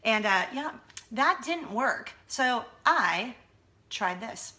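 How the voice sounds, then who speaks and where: A woman's voice: on the high side, animated, drawn-out words, pushed and bright. A woman, a mother, chatting casually and self-deprecatingly to her camera. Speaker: vlogger, mother of two. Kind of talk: casual vlog chat.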